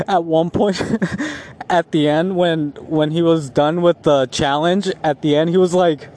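A man vlogging while walking outside, rambling and laughing often, a bit high. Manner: rambling, laughs often, slow relaxed talk. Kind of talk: casual walking vlog. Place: outdoors on a street.

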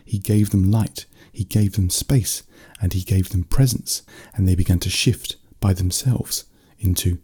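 A man narrating a bedtime story in a steady, unhurried reading voice. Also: sits low, husky.

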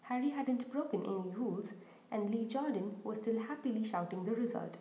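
Woman reading a story, mellow voice. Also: on the high side, normal speed, reverberant, slight background noise, rough recording. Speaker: audiobook podcast host. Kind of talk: audiobook narration.

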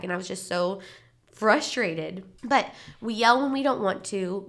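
A heavily pregnant young woman hosts a parenting podcast solo, chatting candidly and encouragingly with lots of "like." Her voice is mid-range with a fairly bright tone.

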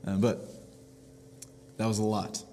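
A low-voiced man leads a devotional teaching in an earnest, step-by-step way, circling back over his points. His voice carries a long reverb, with faint room ambience behind him. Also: flat delivery, slow, dark tone, slight background noise. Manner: earnest, explains step by step with frequent restarts. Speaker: pastor.

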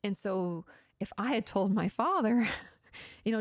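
A woman's voice: mid-range voice, measured pace, no echo, clean studio sound. A woman therapist answering viewer questions in a chatty, explanatory way, with lots of "you know" and "like". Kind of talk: casual advice talk.

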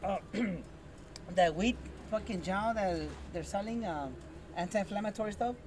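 A man on a casual podcast, speaking haltingly and stumbling over his words. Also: high voice, background noise.

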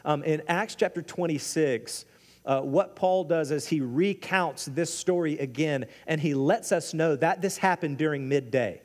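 A high-pitched man delivers an animated sermon as pastor, throwing himself into quoted lines with sudden leaps in pitch. His voice rings out with a long reverb tail, as in a large church hall. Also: a little slow. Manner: animated preaching, acting out quotes with big pitch jumps.

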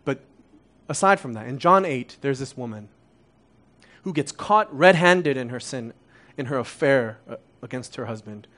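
A man's voice: medium pitch, expressive, moderate pace. Earnest man preaching a sermon. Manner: earnest, confessional, swings from soft to emphatic.

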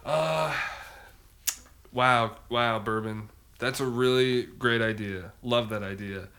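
A man hosts a comedy podcast with a bright, forward voice, riffing in loose improvised banter. He is cocky and mock-boastful, teasing his guest and swearing for effect. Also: medium pitch, slow, creaky.

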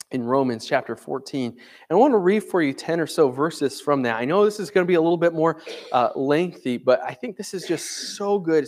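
A man pastor preaching a conversational sermon, often checking in with "right?". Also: high-pitched.

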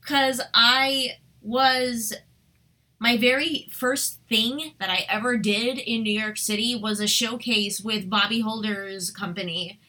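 A woman in her thirties chats as a podcast guest, gushing and animated and dropping "like" often. Her voice sits a bit high and sounds bright. She speaks into a desktop microphone. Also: slow pace. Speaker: guest, actress and singer. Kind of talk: casual chat. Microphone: budget desktop USB microphone.

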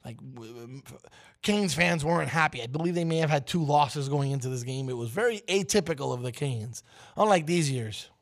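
Animated storytelling radio host man. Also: a little high, normal speed. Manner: animated storyteller, acts out quotes loudly. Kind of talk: casual storytelling chat.

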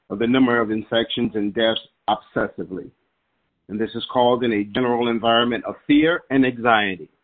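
A man leading a prayer call, speaking to the group with an earnest, emphatic preaching cadence as he recites scripture. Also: medium pitch. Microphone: phone call. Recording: tinny phone line.

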